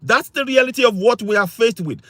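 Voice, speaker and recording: Livestream host, man, high voice, dry close sound, insistent and repetitive. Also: lively intonation, brisk, fairly bright tone, no room sound. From Africa. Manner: insistent, repetitive, reads and answers chat comments. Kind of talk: impassioned political livestream talk.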